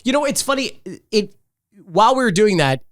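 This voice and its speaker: A man co-hosting a casual podcast chat, playful and quick with jokes. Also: sits high, big pitch swings, no echo, studio quality. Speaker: podcast co-host.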